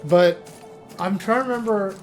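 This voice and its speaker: A man's voice: high voice, normal speed, soft background music. A man streaming and chatting casually, rambling and interrupting himself while he talks. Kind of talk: casual chat while gaming.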